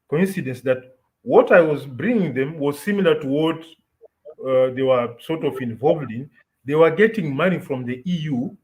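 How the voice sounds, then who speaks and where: A man's voice: on the high side, poor audio. A Kenyan man in casual, opinionated podcast chat, switching between English and Swahili as he tells stories. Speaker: podcast host.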